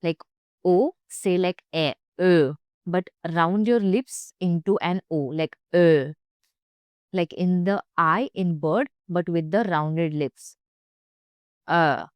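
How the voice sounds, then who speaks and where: A woman's voice: fairly low pitch, darkish tone, clean tone, no echo. A young woman teaching German pronunciation, speaking carefully and repeating each sound for learners. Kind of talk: pronunciation lesson.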